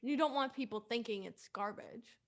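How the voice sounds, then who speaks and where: A woman's voice: fairly high pitch, moderate pace. A woman co-hosting a casual school podcast, playful and jokey, stretching words for emphasis. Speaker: podcast co-host. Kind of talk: casual group chat.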